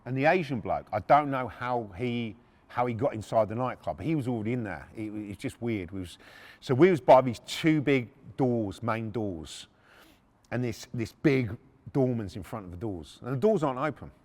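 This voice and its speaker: A man's voice: medium pitch, lively intonation, moderate pace, darkish tone, long reverb tail. A middle-aged man hosting a podcast, telling a true story in a blunt, casual way, swearing freely and often restarting his sentences. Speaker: podcast host.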